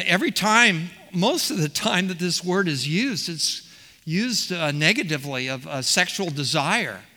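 A man's voice: high-pitched, bright, forceful tone. A man preaching an expository sermon, stressing words by repeating them and putting questions to the congregation. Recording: long reverb of a large hall.

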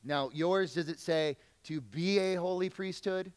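Pastor, male, conversational preacher; smooth, clear voice in a reverberant church. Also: high voice, measured pace. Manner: conversational preaching, asks the congregation questions. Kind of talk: sermon. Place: church sanctuary.

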